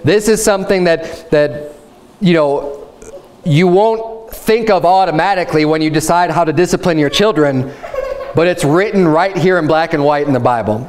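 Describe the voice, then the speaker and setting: Man, young adult, pastor, frank conversational sermon, slightly high voice. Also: moderate pace, darkish tone, a little hiss or hum. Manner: frank, conversational preaching with personal anecdotes. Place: church service.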